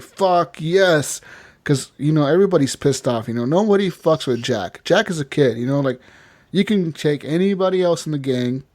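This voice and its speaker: Excitable, profane male podcast storyteller. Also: fairly high pitch. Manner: animated storyteller, acts out characters' lines. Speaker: podcast co-host. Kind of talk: casual profane game recap chat.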